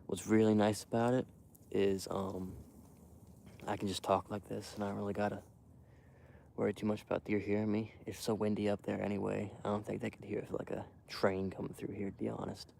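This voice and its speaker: Low gravelly hushed man outdoors. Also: flat delivery, a little fast, slight background noise. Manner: hushed, rambling, lots of fillers and restarts. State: cold. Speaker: hunting streamer. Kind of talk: quiet rambling live-stream chat. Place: outdoors in a windy field edge.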